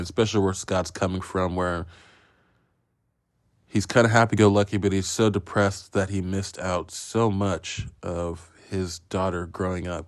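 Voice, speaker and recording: Man, podcast host, casual solo film review, rambling, profane, self-mocking, deep voice, dry close sound. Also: no room sound.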